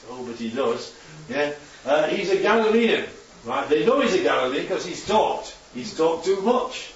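A man's voice: a little high, lively intonation, measured pace. A man preaching a chatty sermon with slides to his congregation, constantly checking in with tag questions. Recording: echoey hall, distant dull mic.

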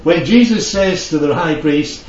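A man's voice: fairly high pitch, unhurried, a little mellow. A man preaching a conversational Bible teaching, often checking in with his listeners. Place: church hall. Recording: dull, echoey hall from far off.

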